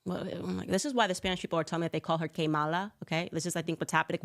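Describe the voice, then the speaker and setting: A woman's voice: fairly low pitch, fairly even intonation, rapid-fire, hardly any pauses. Sarcastic, scornful woman commentator. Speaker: political commentary host. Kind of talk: opinionated commentary.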